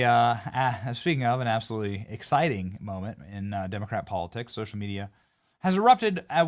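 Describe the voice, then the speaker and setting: A man hosting a political commentary show, sarcastic and mocking as he reacts to clips. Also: mid-range voice. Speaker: host.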